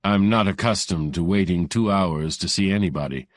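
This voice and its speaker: A man voicing a haughty, elegant gentleman in an audiobook, speaking with icy, weary contempt. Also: sits low, normal speed, no echo, clean studio sound, natural voice. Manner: icy, weary contempt, rich trained delivery. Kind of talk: audiobook character voice.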